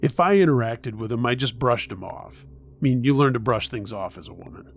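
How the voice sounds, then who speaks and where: A man with a mid-range voice reads a first-person scary story aloud. His delivery is measured and tense throughout. He draws the listener in the way a campfire storyteller would. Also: medium pitch, expressive, gravelly. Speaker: horror story narrator.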